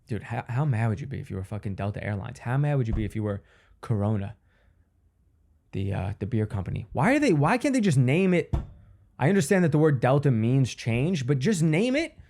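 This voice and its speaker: A man's voice: medium pitch, darkish tone. A man hosting his own podcast, delivering a rambling, profane comedic monologue.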